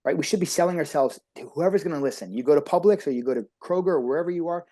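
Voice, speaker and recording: Fast-talking man, eager coach. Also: on the high side, dark tone. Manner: talkative, enthusiastic, emphatic. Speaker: beauty industry coach, podcast guest. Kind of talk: energetic motivational talk.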